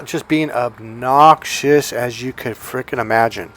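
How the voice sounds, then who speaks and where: A man's voice: fairly quick, few pauses, fairly bright tone. Man telling a rambling story. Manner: rambling, acts out quoted people in a high voice. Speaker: dating coach. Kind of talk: casual storytelling monologue.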